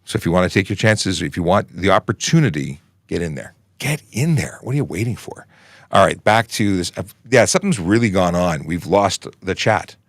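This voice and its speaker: A Canadian man in his forties hosts a casual livestream, chatting in an upbeat, rambling way. His voice sits slightly low. The sound is dry and close, with little room echo. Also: lively intonation, brisk. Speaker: livestream host, police constable.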